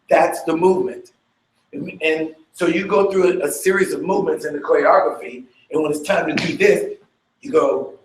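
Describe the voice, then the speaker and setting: A man's voice: fairly high pitch, a little hiss or hum. Man teaching dance with vocal sounds. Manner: vocalizes beats and sounds with energy; chatty, checks in with listeners. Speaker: dance fitness instructor. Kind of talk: teaching a workshop. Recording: echoey room.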